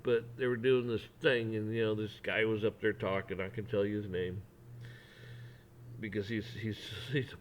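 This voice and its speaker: A man's voice: fairly low pitch, level tone, moderate pace, muffled recording, a little hiss or hum. A man ranting on a vlog in a folksy, rambling, blunt way. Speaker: vlogger. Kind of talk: opinion rant.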